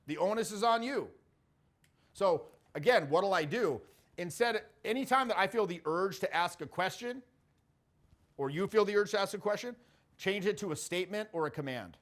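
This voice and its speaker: A man's voice: high-pitched, expressive, moderate pace, a bit bright. A middle-aged man coaching social skills in a brash, profane way, acting out sample lines as he goes. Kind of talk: casual coaching talk.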